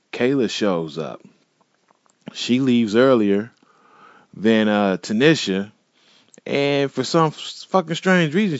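A man's voice: fairly low pitch, no room sound. A man telling a profane personal story in a laid-back, digressive way, full of fillers. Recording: dull, dry lo-fi recording.

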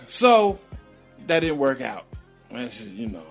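A man's voice: mid-range voice, big pitch swings, slow pace, gravelly, faint music behind. A middle-aged man telling a personal story in a blunt, slangy, rambling way, full of profanity.

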